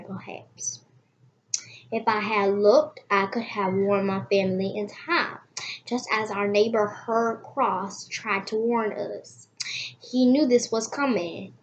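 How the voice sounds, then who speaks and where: A woman hosting a casual read-aloud, reading haltingly with restarts and dropping into soft asides. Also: mid-range voice, muffled recording, slight background noise. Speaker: host reading a book aloud.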